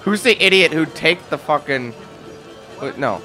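A man's voice: fairly high pitch, lively intonation, a little slow, pushed and bright, faint music behind. A man giving casual, joking gameplay commentary, laughing and teasing as he plays. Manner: joking, laughing, trolling banter. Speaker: let's play commentator.

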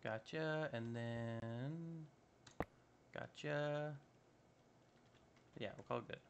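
Creaky and medium-pitched, this man's voice comes slowly and with frequent pauses, set against background noise. He hosts a Minecraft modpack let's-play, chatting cheerfully and casually to himself while building in the modded game.

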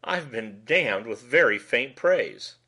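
A man voicing a sharp-tongued young woman who speaks in a pseudo-petulant way. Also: mid-range voice, animated, normal speed, voice pushed up.

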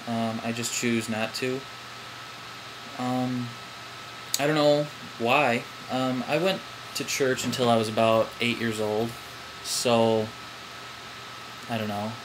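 A young man with a Midwestern American accent, hesitant and full of ums as he chats casually to the camera at home. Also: mid-range voice. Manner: hesitant, lots of ums and "I don't know". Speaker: vlogger. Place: at home, in pajamas. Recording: air conditioner hum behind.

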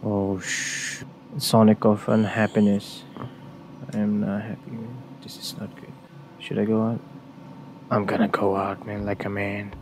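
Young male let's player, low gravelly voice, nervous repetitive muttering. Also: little pitch movement, unhurried, darkish tone, a little hiss or hum. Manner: jittery, repeats words in nervous runs. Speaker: gameplay streamer. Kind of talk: let's play commentary.

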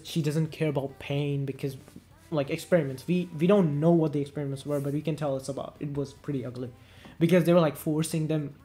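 A man talks casually and eagerly in a gaming video, his voice sitting a little high for a man. He rambles, restarts his sentences and leans on "like" as filler. Soft background music plays quietly behind him. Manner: rambling, fills speech with "like", enthusiastic.

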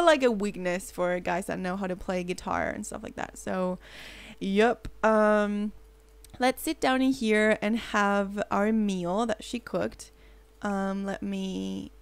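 A young woman giving excitable let's play commentary, giggling, gasping and fretting aloud while she plays. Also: mid-range voice. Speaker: gaming channel host.

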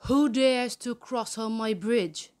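A woman voicing a greedy, bad-tempered male troll who growls loud threats in a children's story. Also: on the high side, takes it slowly. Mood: growling.

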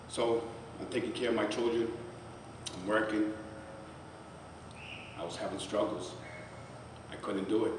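A middle-aged man giving a heartfelt, conversational personal testimony at a charity celebration, sometimes choking up. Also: fairly low pitch. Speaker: guest speaker at a charity celebration. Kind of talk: emotional personal testimony speech. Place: large event hall. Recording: echoey hall, distant mic, background noise.

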